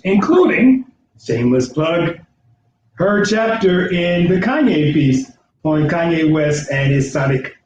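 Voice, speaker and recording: Male host, slightly high voice, roomy sound, faint noise behind. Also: darkish tone, muffled recording. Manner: conversational, with fillers. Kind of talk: introducing a guest.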